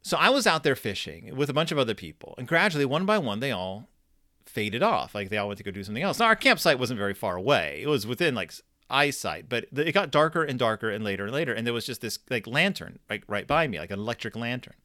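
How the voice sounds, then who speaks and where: A man's voice: medium pitch, big pitch swings, quick pace, pushed and bright, dry recording, clean studio sound. A man in his thirties hosting a podcast, telling personal stories in a rambling, self-deprecating way full of restarts. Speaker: podcast host. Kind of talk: casual storytelling monologue.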